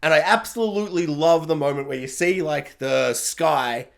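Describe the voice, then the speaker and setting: A man hosting a TV review, chatting casually in a sarcastic, jokey way with animated asides. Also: fairly high pitch, moderate pace, creaky. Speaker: TV review host. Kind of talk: casual spoilery review rant.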